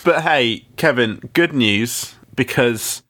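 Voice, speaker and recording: A man co-hosting a podcast, recapping a film plot in a relaxed, enthusiastic way. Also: medium pitch, slow. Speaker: podcast co-host. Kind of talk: casual movie chat.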